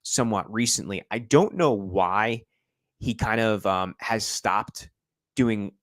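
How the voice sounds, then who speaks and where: Taking it slowly in a lowish, slightly bright voice, a young man from the United States hosts a football live stream with no echo. He chats casually, rambling and using many fillers.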